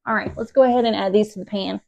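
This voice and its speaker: Frazzled mom chatting while cooking. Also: female voice, medium pitch, steady tone, rapid-fire, creaky, a little mellow, lo-fi sound. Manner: emotional, rambling storytelling. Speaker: mom vlogger cooking at home. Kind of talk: casual chat while cooking. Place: home kitchen.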